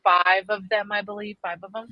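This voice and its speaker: A woman's voice: mid-range voice, little pitch movement, normal speed, no echo, muffled recording. A woman co-hosting a podcast, telling family stories in casual chat and laughing often. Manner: chatty storyteller, laughs often. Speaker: podcast co-host.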